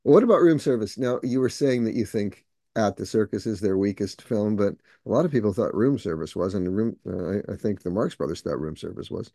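A man's voice: fairly low pitch, animated, fairly quick, mellow, no room sound, studio quality. A man interviewing a guest, asking curious questions and laughing often. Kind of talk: casual interview chat.

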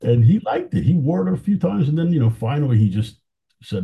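A man's voice: a little high, big pitch swings, a little fast, gravelly, warm tone, husky. A man talking casually as an interview guest, telling anecdotes with enthusiasm and chuckling now and then. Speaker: film historian guest.

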